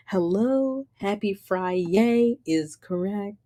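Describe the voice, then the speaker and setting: A woman's voice: medium pitch, lively intonation, slow, long pauses, a little mellow. A young woman hosting a casual livestream chat, tired and yawning, greeting viewers and laughing often. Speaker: livestream host.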